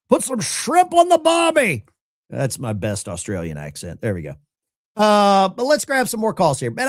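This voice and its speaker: Lively, chatty male call-in host. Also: high-pitched. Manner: animated and chatty, often rambling. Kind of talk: casual live-stream call-in talk.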